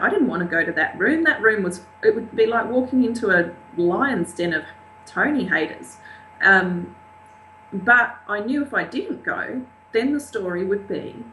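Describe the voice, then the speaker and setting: A woman's voice: mid-range voice, lively intonation, normal speed, bright, forceful tone. A woman, an interview guest, candidly and earnestly recounting a painful family event. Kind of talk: personal storytelling. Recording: roomy, echoey with faint hum.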